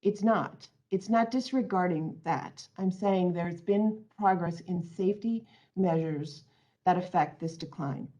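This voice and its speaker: A woman's voice: fairly low pitch, a little slow, dark tone, lo-fi sound. Woman running a training webinar, earnest, reads answers off the chat, computer mic. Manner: reads out audience answers, then explains earnestly. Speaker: webinar presenter. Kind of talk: online training presentation.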